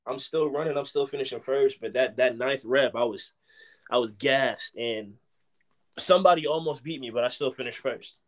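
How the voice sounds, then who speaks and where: A young man from Dallas talks casually as a podcast guest. He tells a story with energy and jumps into loud, animated quotes of what people said. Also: mid-range voice, moderate pace. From Dallas, Texas. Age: young adult. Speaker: podcast guest, former college football player.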